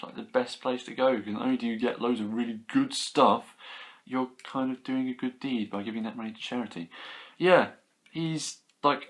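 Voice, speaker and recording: A young British man chatting casually about his toy haul, enthusiastic and rambling, with quick asides. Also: medium pitch, fairly bright tone. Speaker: toy collector vlogger. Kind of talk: casual chat.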